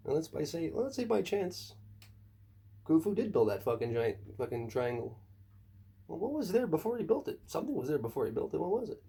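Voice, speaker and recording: A man with a gravelly, husky voice delivers a rambling comedic monologue. His talk is profane and conspiratorial, and it leaps high when he lands an emphatic point. His tone sits low and mellow in between those jumps. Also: big pitch swings, fairly quick.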